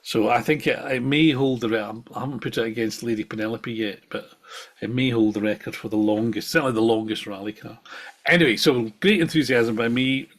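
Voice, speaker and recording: A man's voice: medium pitch, brisk. A man co-hosting a casual podcast, talking in a rambling, wry, self-deprecating way. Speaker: podcast co-host. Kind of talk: casual chat.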